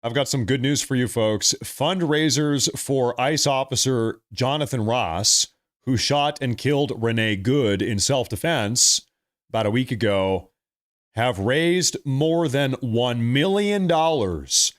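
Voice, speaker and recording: A man's voice: mid-range voice, animated, slow pace. A man streaming live commentary over a video feed, talking in a mocking, sarcastic way.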